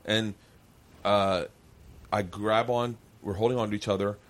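A man's voice: fairly low pitch, unhurried. A man hosting a podcast, telling a story in casual, profane chat and acting out the voices in it. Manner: animated, profane, acts out voices in his stories. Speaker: podcast host.

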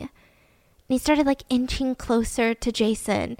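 A woman's voice: a little high, fairly even intonation, a little slow, darkish tone, no echo. A woman co-hosting a podcast, telling a true-crime story casually, filler-heavy and acting out the quotes. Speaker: podcast co-host.

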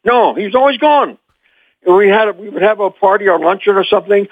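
An older man from Memphis, Tennessee, telling animated stories as an interview guest and chuckling often. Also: sits high, fairly quick, no echo, phone-quality sound. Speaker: guest, former child actor. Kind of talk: anecdotal storytelling.

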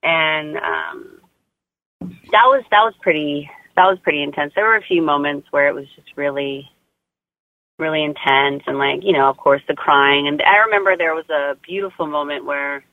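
Woman guest, casual and warm-hearted talker, lots of fillers, heard over a tinny phone line. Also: sits low, animated, moderate pace, dry recording. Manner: chatty, heartfelt, lots of "you know" and "like". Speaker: guest mother sharing birth story.

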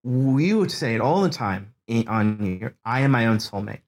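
A man's voice: mid-range voice, lively intonation, moderate pace. A man in his thirties, a podcast guest, candidly telling a personal story, earnest and emotional, rambling with restarts. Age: 30s.

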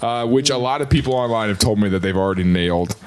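A man's voice: lowish voice, fast, slight background noise. Amused man telling a prank story. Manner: amused, laughs often. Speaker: podcast co-host. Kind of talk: comedic storytelling.

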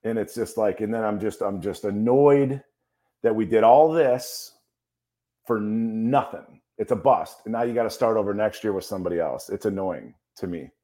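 A man's voice: fairly low pitch, moderate pace, mellow. Brief: fired-up male football pundit, ranting co-host. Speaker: co-host, former player. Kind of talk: heated sports talk.

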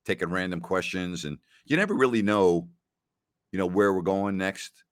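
A man's voice: deep voice, moderate pace, no room sound, studio quality. A man hosting a podcast, casually answering listener questions and telling rambling stories, often repeating himself and laughing. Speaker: podcast host.

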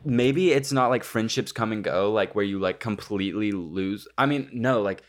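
Deep-voiced young man, joking co-host. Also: moderate pace. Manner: joking, blunt, swears freely. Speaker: podcast co-host. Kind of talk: casual chat.

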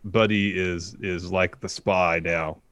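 A man's voice: sits low, steady tone, slow, fairly bright tone, dry recording. A man co-hosting a podcast, casually retelling a wrestling show play by play with plenty of fillers. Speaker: podcast co-host recapping wrestling. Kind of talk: casual recap chat.

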